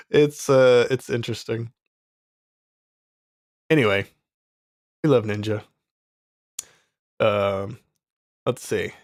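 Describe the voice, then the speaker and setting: A man's voice: medium pitch, no echo, studio quality. A young man in casual livestream chat, rambling with many fillers and frequent laughs. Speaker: streamer selling his course.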